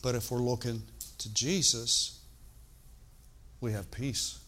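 Preaching with animation, an older man of medium pitch presses his points hard, shifting from loud outbursts into soft, slow emphasis.

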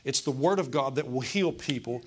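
A man's voice: mid-range voice, a little fast, breathy edge. A middle-aged man preaching a sermon, repeating phrases for emphasis and asking his listeners for amens.

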